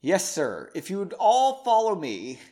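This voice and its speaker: A man's voice: sits high, huge pitch swings, measured pace, mellow, voice pushed up, heavily acted. A man reading aloud as a nervous, timid male castle servant with a shaky, deferential manner.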